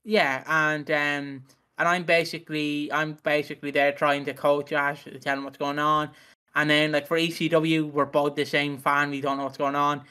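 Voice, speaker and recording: A young man co-hosting a casual podcast chat, his voice sitting a little high. He rants freely and swears a lot as he talks. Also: flat delivery, normal speed, pushed and bright, smooth. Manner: ranting, heavy swearing. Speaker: podcast co-host.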